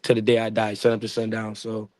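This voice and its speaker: A man's voice: lowish voice, completely flat delivery, fast, darkish tone, no room sound. A man from upstate New York, an event promoter, talking loosely as a guest and leaning on fillers like "you feel what I'm saying". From Niagara Falls, New York. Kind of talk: casual interview talk.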